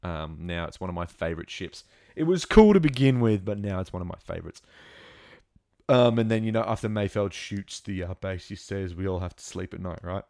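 A young man talks through a show episode with rambling excitement, stopping and restarting his sentences. His voice sits low and the sound is dry and close, with no room around it. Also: moderate pace, dry recording. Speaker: show reviewer. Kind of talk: casual episode recap.

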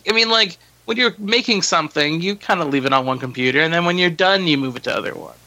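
A man's voice: fairly high pitch, fast, pushed and bright. A man co-hosting a podcast, chatting casually in a joking, chatty way. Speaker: podcast co-host. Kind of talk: casual chat.

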